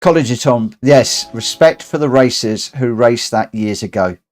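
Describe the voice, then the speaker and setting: A man's voice: mid-range voice, moderate pace, faint music behind. A man chatting to viewers while racing on a live stream, joking at his own expense and laughing often. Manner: chatty, laughs a lot, self-mocking. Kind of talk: casual live-stream commentary. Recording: noisy game audio behind voice.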